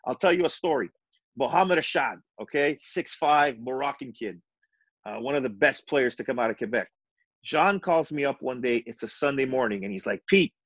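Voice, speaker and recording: Middle-aged guy, retired coach spinning lively stories, acts out the voices, dry close mic. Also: mid-range voice, no echo. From Montreal, Canada. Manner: animated, acts out dialogue in his stories. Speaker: retired basketball coach, guest. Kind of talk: storytelling in a podcast interview.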